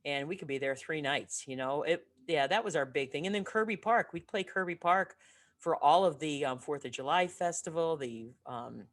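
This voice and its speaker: A woman from Northeastern Pennsylvania co-hosting a casual chat, chatty and quick to laugh. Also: deep voice, a bit bright. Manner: laughs often, chatty and nostalgic. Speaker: podcast co-host.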